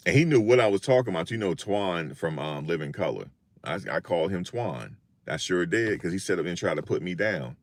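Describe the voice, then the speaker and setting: An older man telling funny stories in a casual, animated monologue, often repeating himself. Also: deep voice, brisk, dry recording. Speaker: vlogger.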